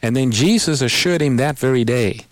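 A man hosting a call-in radio Bible program, patiently explaining scripture and slowing down to quote verses. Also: medium pitch, dry recording. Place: radio studio.

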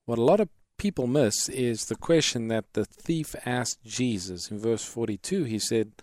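A man co-hosting a call-in Bible radio program, speaking in a calm, measured, teacherly way. His voice is mid-pitched and heard dry and close. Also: no room sound.

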